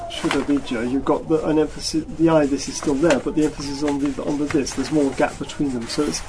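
This study group teacher's voice sits on the high side with fairly even intonation, and there's background noise. After reading each passage aloud, he explains it in a halting, reflective manner, regularly correcting himself partway through sentences.

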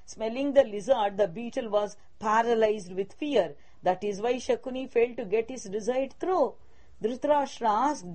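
A woman's voice: fairly high pitch, moderate pace, warm tone. A woman narrating a story aloud, reading a prepared text with small slips and restarts and giving the quoted speakers only light changes of voice.

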